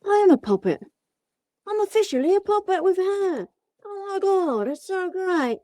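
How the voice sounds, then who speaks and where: A woman's voice: very high voice, big pitch swings, moderate pace, mellow, no echo, studio quality, pitched above the performer's own voice. A woman voicing a purple monster puppet in a halfway British, halfway Cockney voice that sounds like a grandmother. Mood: delighted. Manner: prim, old-fashioned phrasing.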